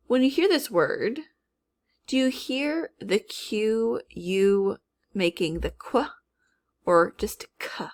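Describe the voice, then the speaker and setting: A woman teacher leading a recorded spelling lesson, slowly repeating each word and sounding out its parts. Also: medium pitch.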